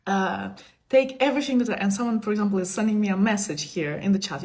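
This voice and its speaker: A woman in her thirties talks to her viewers in a casual spiritual live stream. She sounds playful and laughs often. She swings between hushed asides and loud, emphatic bursts, and her voice sits in a middle pitch. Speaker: spiritual teacher. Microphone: phone or webcam on a live stream.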